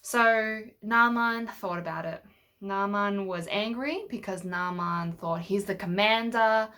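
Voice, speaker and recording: Speaking slowly in a bright, forceful medium-pitched voice, a woman shares a Bible story with children through toy figures. Her manner is patient, and she frequently puts questions to them.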